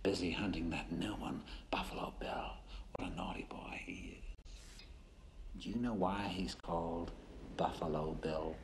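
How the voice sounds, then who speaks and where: An actor playing a cultured, menacing male psychiatrist who is a captive killer. He speaks softly and precisely and slips into whispers. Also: sits low, unhurried. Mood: cold and mocking. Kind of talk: film dialogue.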